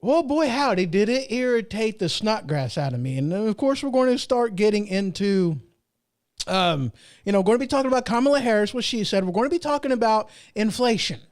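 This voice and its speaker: A man's voice: sits high, very animated, brisk. A man hosting his own show, telling a funny personal story in a rambling, self-deprecating way. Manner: rambling, self-deprecating, with frequent restarts and fillers. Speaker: podcast host. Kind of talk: casual monologue storytelling.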